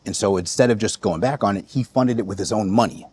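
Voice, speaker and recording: A man in his forties, a podcast guest, telling family stories in a relaxed way with plenty of fillers. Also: on the low side, quick pace, a little hiss or hum. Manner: relaxed, storytelling with many fillers and restarts. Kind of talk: reflective interview storytelling.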